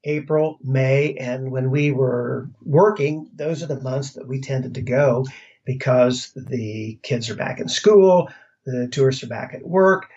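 Relaxed American man telling stories. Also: medium pitch, slow pace. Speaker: interview guest. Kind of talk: casual conversation. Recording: slightly dull lo-fi sound.

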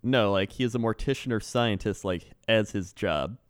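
A man's voice: on the low side, moderate pace, no echo, clean studio sound. A man co-hosting a podcast, telling a rambling story in loose casual chat. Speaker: podcast co-host.

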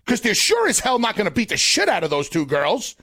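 A man's voice: sits high, huge pitch swings, a little fast, pushed and bright. A man co-hosting a wrestling podcast, giving blunt, opinionated takes with some swearing in casual chat.

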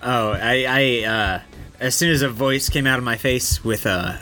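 A self-deprecating man chatting on a comedy podcast, his voice bright and mid-pitched. He hesitates and restarts, with faint music behind. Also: a little slow. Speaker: podcast co-host. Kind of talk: improv comedy podcast chat.

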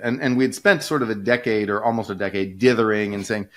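Rambling talkative man, lowish voice. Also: fast. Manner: rambling, restarts, many fillers, animated pitch jumps. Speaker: podcast co-host, economist. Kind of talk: casual conversational explainer.

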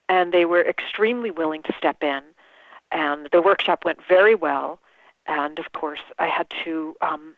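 A woman organizer telling an embarrassing story in a casual interview, animated and quick to laugh. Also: fairly low pitch, no room sound. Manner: animated, laughs often, restarts sentences. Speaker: event organizer, guest. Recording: tinny phone line.

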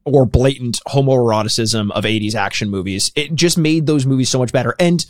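A man's voice: mid-range voice, brisk, dry recording, studio quality. A Canadian man co-hosting a podcast, chatting casually with jokes, swearing and frequent laughter. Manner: joking, profane, laughs often. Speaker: podcast co-host.

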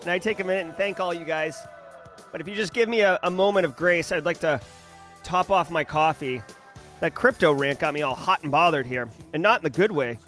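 A man hosting a casual daily news livestream, talking in an animated, ranting way with many fillers and restarts. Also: on the high side, a little fast, soft background music.

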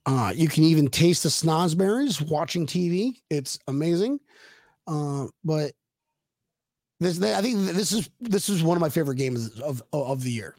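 A man's voice: a little high, animated, normal speed, a little mellow, no room sound, clean studio sound. A man co-hosting a casual sports podcast, rambling and joking, often repeating words as he starts his thoughts. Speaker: podcast co-host.

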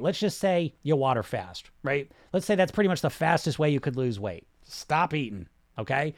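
A man's voice: high-pitched, a bit bright, no room sound, studio quality. A middle-aged man who coaches weight loss, talking in a live-streamed podcast monologue, blunt and profane, firing rhetorical questions at his listeners.

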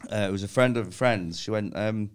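A man's voice: on the low side, brisk, smooth. A man, a comedian guest, telling stories in casual chat, laughing often and acting out the people he quotes.

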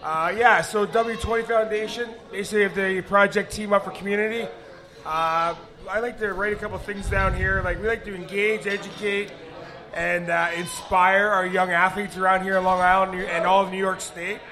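A middle-aged man and former hockey player, speaking with a raspy voice, answering questions casually at a live bar event. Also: high-pitched, normal speed, crowd noise. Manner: relaxed, rambling with fillers.

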